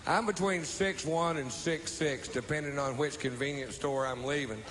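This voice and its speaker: A man's voice: a little high, moderate pace, very noisy. A man telling a drawling stand-up story and acting out the people in it. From Texas. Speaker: stand-up comedian. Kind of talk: stand-up comedy.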